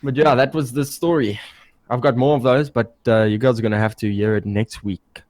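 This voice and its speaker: A young man co-hosting a podcast, telling stories in a casual, animated way and swearing freely. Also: mid-range voice, fairly quick, no echo. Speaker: podcast co-host. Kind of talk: casual storytelling.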